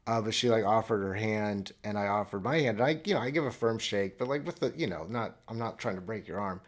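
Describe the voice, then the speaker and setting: Podcast host, thirties, deadpan and sarcastic, restarts a lot, lowish voice. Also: male voice, fairly quick. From Florida. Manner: rambling with restarts, mock-earnest. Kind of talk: solo comedic monologue. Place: traveling abroad, recording alone.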